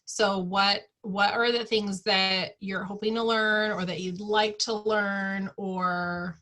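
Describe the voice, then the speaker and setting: A woman hosting a team training call over video, talking in a chatty, upbeat way with quick asides. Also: medium pitch, flat delivery, pushed and bright. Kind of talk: casual online tutorial chat.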